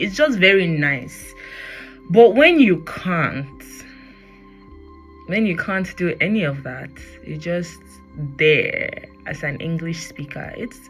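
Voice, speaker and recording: A woman with a Nigerian accent hosting a casual solo podcast, talking animatedly and slipping into pidgin. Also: lowish voice. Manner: animated, switches into pidgin, laughs often. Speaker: podcast host. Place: Germany.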